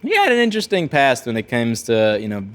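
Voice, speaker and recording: A man's voice: mid-range voice, huge pitch swings, fast, fairly bright tone. Rambling man telling a story. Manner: rambling, self-correcting, blunt. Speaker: repair-shop video host. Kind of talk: casual storytelling monologue.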